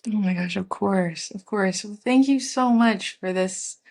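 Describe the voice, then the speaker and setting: A woman's voice: medium pitch, measured pace, gravelly, a little mellow. A woman hosting an interview, talking in gushing, rambling sentences with many restarts. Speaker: interview host. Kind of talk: conversational interview.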